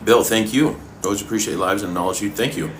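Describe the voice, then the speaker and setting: A man coaching fitness and answering viewers' questions in a relaxed, casual way while eating, sometimes talking with his mouth full. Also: on the low side, slight background noise. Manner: relaxed, talks with his mouth full, pauses mid-sentence.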